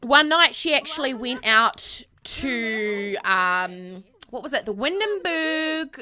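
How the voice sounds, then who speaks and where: A young woman chats her way through a gameplay story in a bright, forward voice that sits a touch high. She rambles, stacks up fillers and keeps the tale rolling in a casual, talky way. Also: lively intonation, slow. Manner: chatty, rambling, with many fillers. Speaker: gameplay vlogger.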